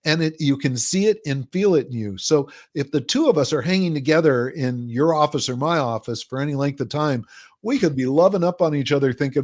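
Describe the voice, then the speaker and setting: A man's voice: on the high side, brisk, darkish tone. A man as a podcast guest, explaining his ideas at length and acting out quoted people in a livelier voice. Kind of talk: conversational podcast interview.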